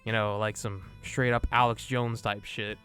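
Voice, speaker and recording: A man's voice: fairly low pitch, little pitch movement, moderate pace, fairly bright tone, clear, resonant tone, faint music behind. A man reviewing a film in a loose, casual way, retelling the plot with swearing and acting out the characters' lines. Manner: loose, profane retelling with laughs and acted-out quotes. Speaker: movie reviewer.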